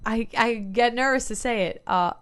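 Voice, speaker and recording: A woman's voice: fairly high pitch, normal speed, fairly bright tone, smooth. A woman co-hosting a podcast in casual chat, playful and self-deprecating. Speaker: podcast co-host.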